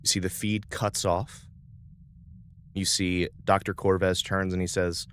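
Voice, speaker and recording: Low-voiced man running a tabletop game. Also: a little slow, a little hiss or hum. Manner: casual, relaxed narration with fillers. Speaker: game master.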